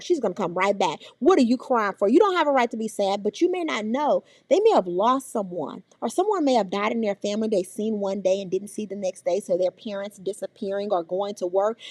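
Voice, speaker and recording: Lively woman trainer with a dry, close sound. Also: medium pitch, fairly quick, hardly any pauses, no room sound. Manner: animated, acts out scolding adults and children's voices. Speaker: early childhood trainer. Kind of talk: teaching a parenting workshop.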